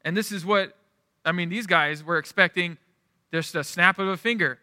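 A man's voice: sits high, steady tone, normal speed, pushed and bright, no room sound, studio quality, long reverb tail. A male pastor preaching a sermon in a conversational, storytelling way, often restarting his sentences.

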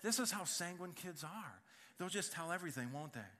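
Animated, bright-voiced preacher man. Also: high voice, fairly quick. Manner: animated storytelling with humor. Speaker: pastor. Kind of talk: sermon.

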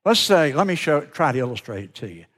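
A man preaching a sermon, telling folksy stories and swinging from loud to hushed. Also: a little high, sing-song, fast talker. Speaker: pastor. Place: large church sanctuary. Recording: long church reverb.

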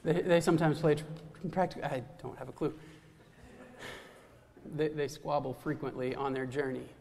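Guy loosely retelling a folktale, gravelly voice a bit high, long hall reverb. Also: fairly even intonation, normal speed, darkish tone. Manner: loose, with restarts and asides. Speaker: storyteller. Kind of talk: casual spoken folktale retelling.

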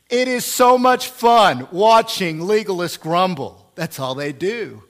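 A male pastor preaching a sermon, emphatic and repetitive, swinging from quiet asides to loud bursts. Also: on the high side, lively intonation, measured pace. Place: church.

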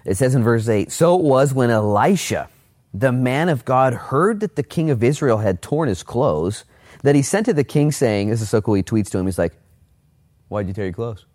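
A man preaching a sermon as pastor, reading scripture and acting out the people in it with lively, jokey asides. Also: moderate pace. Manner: animated, acts out Bible figures in a high put-on voice. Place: church, online service during lockdown.

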